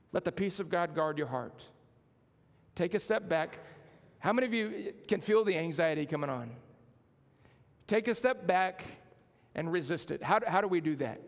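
A man's voice: sits high, long reverb tail. A man preaching a sermon as pastor, building emphasis and calling on the congregation to respond.

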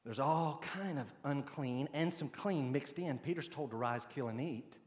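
A man preaching a sermon in a folksy, animated, conversational way. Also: mid-range voice, measured pace. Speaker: pastor.

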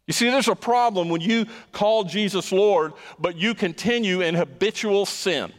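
A man's voice: high-pitched, moderate pace, hardly any pauses, big-room sound. A man preaching a sermon as pastor, emphatic and stressing points by repeating words.

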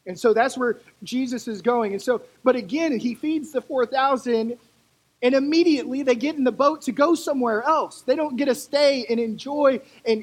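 A preacher giving a conversational sermon, animated and full of storytelling asides. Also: medium pitch, slightly rough, poor audio.

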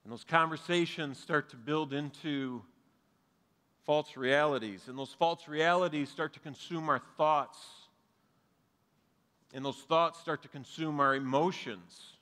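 A man's voice: a little high, measured pace, pushed and bright. A man, preaching a sermon as pastor to a live and online congregation, earnest and conversational with touches of humor. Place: church sanctuary, live and streamed. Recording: long hall reverb.

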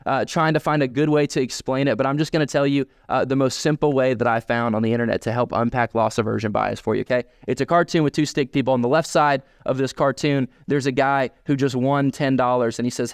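A man's voice: medium pitch, fairly even intonation, quick pace, hardly any pauses, clear, resonant tone, no echo, studio quality. A man who preaches a sermon as a pastor in a chatty way and keeps asking "right?". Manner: conversational, often asking "right?".

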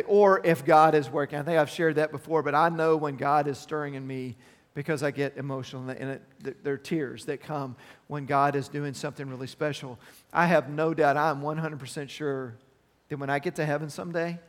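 An earnest middle-aged pastor delivers a sermon conversationally, weaving personal asides into scripture. His voice sits a little high for a man, and the long reverb of a large hall surrounds it.

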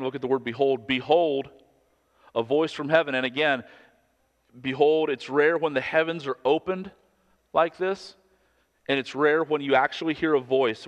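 A man's voice: mid-range voice, a bit bright. A man in his thirties, a pastor delivering an earnest, conversational sermon full of personal stories. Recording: long hall reverb.

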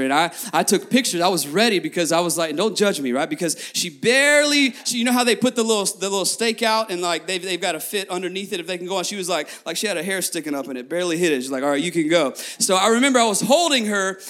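A man in his thirties, a pastor preaching a sermon to his congregation, telling stories lively, repeating phrases and talking straight to the crowd. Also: high voice. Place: church before a congregation.

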